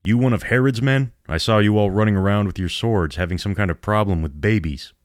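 Man doing a gruff middle-aged innkeeper, grumbling, barking, very deep voice, dry close sound. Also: fairly quick, no room sound, close to an everyday voice. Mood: demanding. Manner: grumbling, then barking challenges. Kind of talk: horror audiobook reading.

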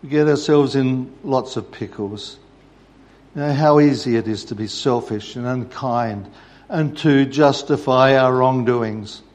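A man preaches a sermon at a slow, deliberate pace. His voice sits at a middle pitch and takes its time. He tells stories in a measured, steady way. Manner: measured storytelling.

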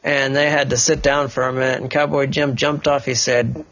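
A man's voice: mid-range voice, flat delivery, moderate pace, hardly any pauses, fairly bright tone, lo-fi sound. A father improvising a bedtime story, rambling and correcting himself as he goes.

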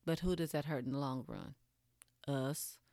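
A woman's voice: extremely low pitch, fairly even intonation, moderate pace, warm tone, no echo, studio quality. A woman giving a casual, blunt monologue straight to her audience, candid and swearing freely.

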